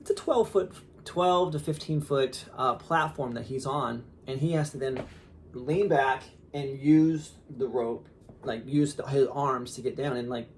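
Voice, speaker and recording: Gravelly-voiced dad telling a story. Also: male voice, mid-range voice, unhurried, slight background noise. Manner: animated, laughing, lots of fillers and quoted asides. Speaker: podcast host, father. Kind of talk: casual storytelling.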